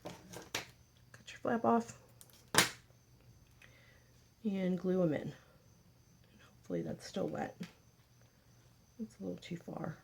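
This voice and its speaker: A woman's voice: lowish voice, animated, slow, gravelly, pauses often, darkish tone, slightly rough. A woman hosting a casual paper craft tutorial, chatty and joking with her viewers as she works. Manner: chatty, jokey, talks to viewers while working.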